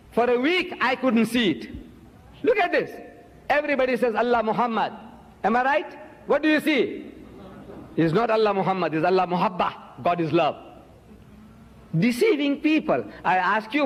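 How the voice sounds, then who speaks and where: Emphatic high-voiced man lecturing. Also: big-room sound, lo-fi sound. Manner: emphatic, accusing, swings pitch up sharply on key words. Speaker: Muslim preacher and debater. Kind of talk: public lecture to an audience.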